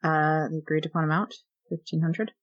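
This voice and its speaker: A woman's voice: low voice, flat delivery, a little fast, lo-fi sound. A woman playing a tabletop game, wry and teasing. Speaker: player. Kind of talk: tabletop role-play chat.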